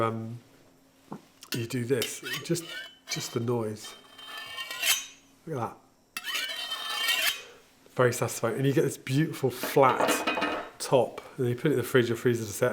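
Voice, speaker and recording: A man's voice: mid-range voice, heavy background noise. A man, a home baker, chatting casually and jokingly as he demonstrates his favourite kitchen tools. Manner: chatty, jokey, enthusiastic. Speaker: home baker showing equipment.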